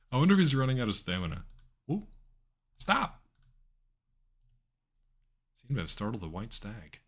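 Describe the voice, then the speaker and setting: A man's voice: on the low side, big pitch swings, fast. A man streaming a video game live, chatting casually with viewers and rambling with plenty of fillers. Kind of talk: casual live-stream commentary while gaming.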